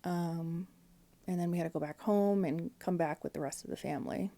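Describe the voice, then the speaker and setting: Mellow-voiced woman telling a family story. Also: fairly low pitch, brisk. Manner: candid, emotional, with frequent fillers and quoted dialogue. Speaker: podcast guest. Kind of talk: personal storytelling in conversation.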